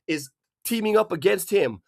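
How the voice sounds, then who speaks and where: A man from Hawaii delivering an angry, profanity-filled rant, swearing constantly and bursting into shouts. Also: high-pitched, lively intonation, moderate pace, gravelly. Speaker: vlogger.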